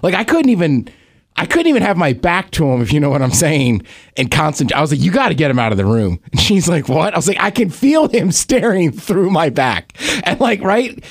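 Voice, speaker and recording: A man's voice: on the high side, big pitch swings, a little fast, husky, dry recording, studio quality. A man co-hosting a podcast, telling anecdotes in casual chat and asking "right?" often. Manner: chatty, tells anecdotes, says "right?" a lot. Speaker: podcast co-host.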